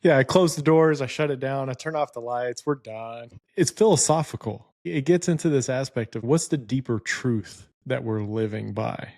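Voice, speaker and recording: A man's voice: mid-range voice, normal speed, few pauses, a little mellow, dry recording. Male host, thoughtful and affirming, mid-range voice in a dry, close recording. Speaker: podcast host. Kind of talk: conversational interview.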